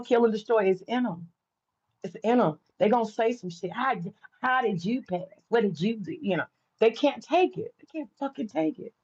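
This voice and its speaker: A woman's voice: on the low side, mellow, lo-fi sound. An American woman livestreaming to her viewers, ranting in a heated, profane, repetitive way. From United States. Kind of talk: casual livestream rant.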